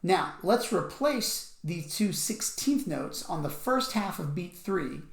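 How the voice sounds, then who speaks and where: Slow, patient male music teacher. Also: high-pitched, big pitch swings, vocal fry. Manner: patient, methodical, counts beats out loud. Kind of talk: instructional explanation with counting aloud. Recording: echoey room.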